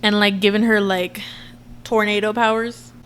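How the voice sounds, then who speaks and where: Woman, 20s, reaction vlogger, casual chatty commentary, expressive, addresses viewers. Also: mid-range voice, normal speed, slight background noise. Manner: chatty and expressive, frequent laughs and asides to viewers.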